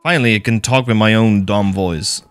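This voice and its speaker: A man's voice: lowish voice, fairly quick, faint music behind. A man streaming a game, casually commentating in a playful, self-mocking way with swearing.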